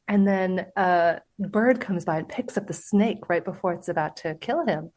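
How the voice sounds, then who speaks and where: A woman, an author and TV host appearing as a podcast guest, telling stories in an earnest, expressive way. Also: mid-range voice. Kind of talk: conversational interview.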